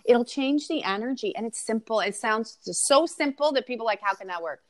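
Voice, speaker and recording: Woman spiritual coach, podcast guest, a bit high, earnest, upbeat, encouraging listeners. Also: animated, fairly quick. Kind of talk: casual podcast chat.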